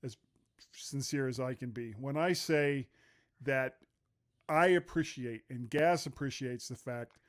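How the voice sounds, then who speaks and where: A man co-hosting a casual tech podcast, chatty and quick to laugh, telling stories and reading show notes aloud. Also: mid-range voice. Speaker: podcast co-host.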